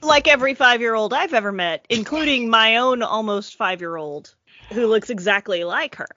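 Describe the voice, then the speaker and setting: A woman's voice: fairly high pitch, normal speed, bright, forceful tone, no room sound, lo-fi sound. A woman, a mother and podcast guest, making dry, wry quips in casual chat.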